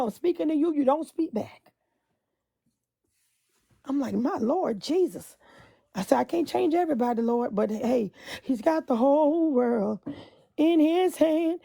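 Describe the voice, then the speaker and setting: A woman's voice: sits high, vocal fry, mellow, no echo, clean studio sound. A woman bus driver venting with passion on a live phone stream, repeating herself and breaking into hymn lines.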